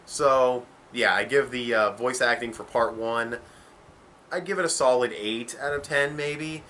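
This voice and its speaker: A man's voice: medium pitch, measured pace, pushed and bright, slight background noise. A young man giving a casual, rambling and opinionated spoken review, swearing offhandedly. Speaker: anime reviewer.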